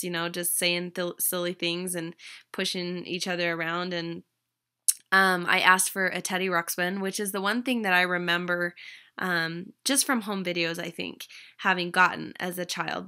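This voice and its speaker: Bright-voiced woman telling a story. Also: on the low side, clean tone. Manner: chatty, frequent ums and restarts, animated quotes. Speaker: vlogger. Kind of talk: casual personal storytelling to camera.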